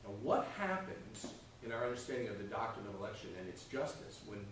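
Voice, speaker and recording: A man's voice: fairly low pitch, very animated, brisk, recorded from a distance, slight background noise. A man teaching a conversational Sunday school Bible lesson, often checking in with his class by asking "okay?" and "right?". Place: church classroom. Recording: echoey room, voice from off-mic.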